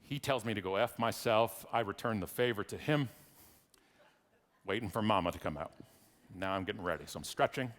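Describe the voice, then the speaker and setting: A middle-aged man giving a comedic keynote, telling a story and acting out the people in it, with loud bursts of shouting. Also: on the low side, big-room sound. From Canada. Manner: animated, acts out voices, loud bursts of shouting. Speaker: keynote speaker. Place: large conference hall.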